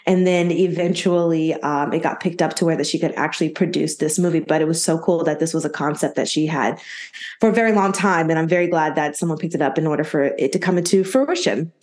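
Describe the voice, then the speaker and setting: A woman's voice: fairly low pitch, darkish tone, roomy sound. Bubbly, giggly woman podcast co-host. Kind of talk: casual podcast chat.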